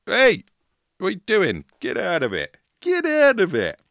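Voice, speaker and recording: A man acting out a bystander who shouts urgently to scare off an attacker. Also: sits high, huge pitch swings, fairly quick, gravelly, no echo, studio quality, pitched above the performer's own voice, full character voice. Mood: shouting alarm.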